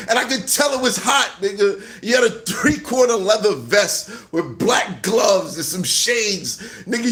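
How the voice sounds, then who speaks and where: Laughing, mocking man with a high voice. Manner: laughing, loud and animated, mocking. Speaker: host. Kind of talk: casual storytelling rant.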